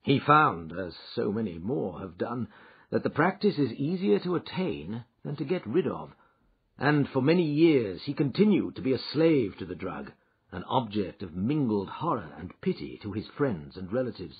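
A man giving an expressive, dramatic reading of a classic detective story, in a dull lo-fi recording. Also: mid-range voice, moderate pace, husky. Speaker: audiobook narrator. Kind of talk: scripted narration of a classic story.

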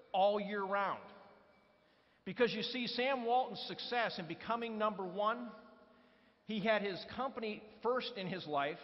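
A man delivering a motivational keynote speech, telling stories and putting questions to the audience. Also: high voice. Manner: storytelling, poses questions to the audience. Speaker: keynote speaker. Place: large conference hall. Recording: reverberant hall, dull lo-fi sound.

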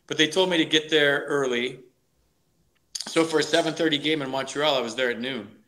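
A middle-aged man spins stories from his playing days with animated energy. His voice has a bright, forward edge. He often stumbles over his first words before the point lands. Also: fairly high pitch, brisk. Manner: energetic, animated storytelling with repeated restarts. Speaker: guest, former ballplayer and broadcaster. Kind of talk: storytelling in a podcast interview.

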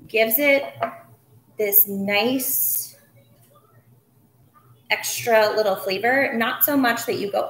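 A woman's voice: mid-range voice, unhurried, long pauses, a bit bright, a little hiss or hum. Chatty woman cooking in a roomy kitchen. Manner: chatty, joking asides, muttering to herself while working. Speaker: cooking show host. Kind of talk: live cooking demonstration. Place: home kitchen. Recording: roomy kitchen sound with clattering dishes.

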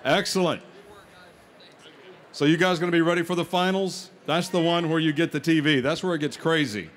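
A man's voice: fairly high pitch, moderate pace, a bit bright. A man emceeing a live food-eating contest, joking with contestants and hyping up the crowd. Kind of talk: live event announcing on a PA.

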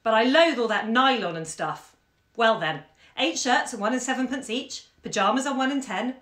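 A woman voicing a harried housewife on her birthday, with clipped and brisk replies. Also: a little high, a bit bright, pitched above the performer's own voice, natural voice. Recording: echoey room.

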